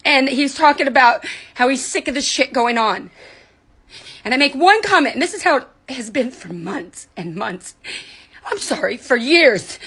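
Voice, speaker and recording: A woman's voice: sits high, lively intonation, normal speed, a bit bright, breathy edge. A woman ranting furiously on a phone livestream, swearing and upset, her voice breaking at times. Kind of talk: angry livestream rant.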